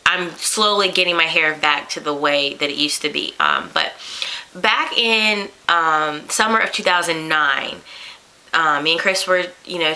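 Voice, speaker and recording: Bright-voiced young woman vlogging. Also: fairly low pitch, rough recording. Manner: chatty, animated retelling with many fillers. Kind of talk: casual storytelling to camera.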